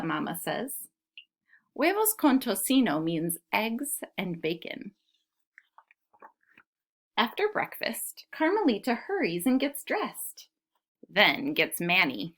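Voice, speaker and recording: A woman's voice: medium pitch, very animated, takes it slowly, pauses often, a bit bright. A woman teaching preschool children, reading a picture book aloud and counting syllables with them in a patient, encouraging manner.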